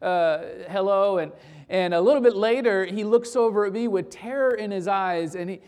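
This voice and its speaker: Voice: mid-range voice, normal speed, a little mellow. Pastor preaching a conversational sermon. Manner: conversational storytelling with frequent restarts. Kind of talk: sermon with prayer and anecdote.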